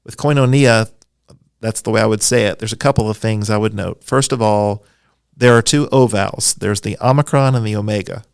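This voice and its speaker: A man with a low, smooth, resonant voice explains things with eager, nerdy enthusiasm. He is a scholar guest on a podcast, talking freely and poking fun at himself. The sound is close and dry. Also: steady tone, fairly quick, no room sound. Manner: enthusiastic, explanatory, self-deprecating. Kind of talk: conversational podcast interview.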